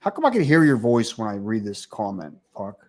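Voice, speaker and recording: A man's voice: fairly low pitch, big pitch swings, a little fast, darkish tone. A man hosting a livestream, ranting casually with crude, profane mockery. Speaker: livestream host.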